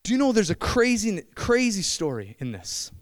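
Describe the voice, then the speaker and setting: A young man preaching a sermon, animated and addressing the congregation with frequent questions. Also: high voice, normal speed, dry recording.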